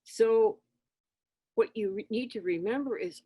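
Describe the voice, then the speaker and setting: A woman guest in an interview, telling stories in a lively conversational way and acting out exchanges with children. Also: fairly high pitch, measured pace, long pauses, husky, dry recording. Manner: animated, acts out dialogue with children. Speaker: interview guest, spiritual teacher. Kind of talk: conversational storytelling.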